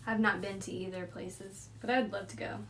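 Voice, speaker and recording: A woman's voice: medium pitch, steady tone, moderate pace, fairly bright tone, a little hiss or hum. A woman hosting a casual chat, rambling and giggly, often trailing off mid-thought. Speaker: host.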